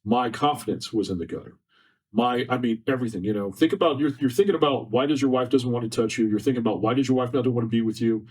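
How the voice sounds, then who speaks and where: Talking fast, a man with a medium-pitched, darkish voice and a breathy edge shares a personal story as a podcast guest. He's earnest and emotional, circling back over the same points. The recording comes from a distant mic in a faulty setup.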